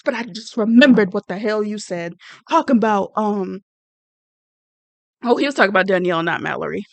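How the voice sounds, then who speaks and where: A woman's voice: medium pitch, fairly quick, creaky, pauses often, no room sound. A woman giving blunt, rambling, sassy commentary on a reality show. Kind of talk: casual reaction commentary.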